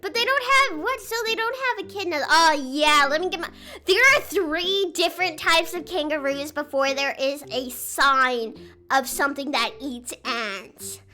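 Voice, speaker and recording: A young adult woman, chatting casually on a livestream in an excitable, giggly, sarcastic way. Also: high-pitched, normal speed. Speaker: streamer.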